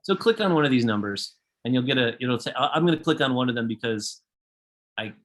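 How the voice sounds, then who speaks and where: A man's voice: medium pitch, expressive, a little fast, fairly bright tone. A man leading an online design workshop over a video call, talking loosely with many fillers and restarts. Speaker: workshop leader and book author.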